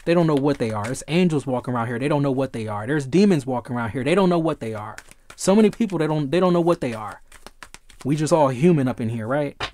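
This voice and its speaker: A man's voice: medium pitch, animated, fast talker, warm tone. A man giving a casual tarot reading, emphatic and repetitive, swearing freely. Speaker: tarot reader.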